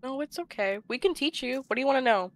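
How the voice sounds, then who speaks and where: A woman's voice: high-pitched, expressive, quick pace. A young woman joking over voice chat while gaming, making playful threats, getting flustered and giggling. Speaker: gaming friend.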